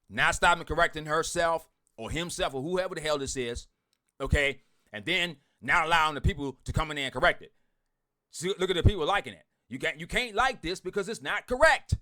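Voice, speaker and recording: Swearing, fired-up man ranting. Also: on the high side. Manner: blunt, swearing, repeats himself and swings from loud to muttered. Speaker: online group leader. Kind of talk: heated profane rant to followers.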